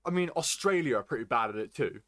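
A man's voice: medium pitch, expressive, quick pace, a bit bright, no echo. A young man in casual chat, jokey and silly, often restarting his sentences.

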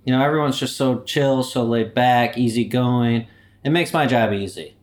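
A man's voice: medium pitch, normal speed, close to an everyday voice. A man playing a boastful, swaggering personification of human error in a comedic interview. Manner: swaggering, boastful, laid-back. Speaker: company anti-mascot guest.

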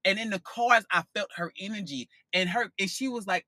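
A man with a fairly high, bright and forceful voice gives a casual tarot reading. He is sassy and expressive and swears freely. The sound is dry and close, with no room around it. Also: a little fast, few pauses, no room sound. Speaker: tarot reader.

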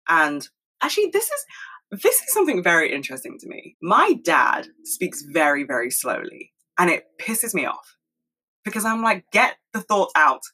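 Fast-talking woman with a bright voice. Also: deep voice, rough recording. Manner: fast-talking, candid, swears freely. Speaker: solo video host. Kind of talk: casual solo monologue. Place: at home.

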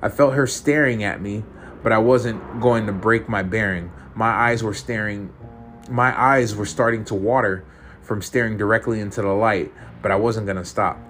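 A man's voice: on the low side, fairly even intonation, normal speed, a bit bright, faint music behind. A man narrating a first-person horror story, tense and profane.

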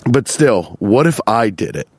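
A man's voice: on the low side, sing-song, unhurried, darkish tone, husky, no room sound. A young adult man hosting a comedy podcast, talking in a profane, rambling, self-interrupting way.

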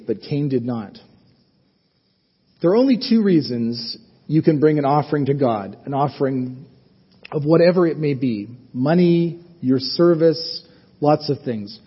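Husky-voiced pastor preaching in a reverberant hall. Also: male voice, fairly high pitch. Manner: earnest, conversational preaching with rhetorical questions. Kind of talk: sermon. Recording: muffled sound with long reverb in a hall.

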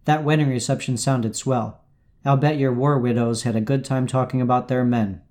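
A man reading old wartime-era letters aloud in a measured, unhurried way with soft pauses. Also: medium pitch.

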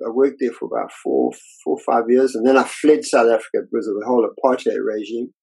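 An older man, an illustrator, telling lively anecdotes about his career in a casual interview and acting out the voices of people he quotes. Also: medium pitch, quick pace, gravelly, slightly rough, low-quality recording.

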